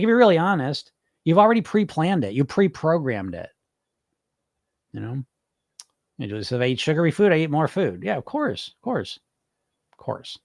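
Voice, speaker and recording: Slightly high in pitch, his voice comes through a dry, clean studio recording. He's a hypnotist hosting a podcast, responding to live chat comments in a blunt, casual way, full of swearing and rhetorical questions.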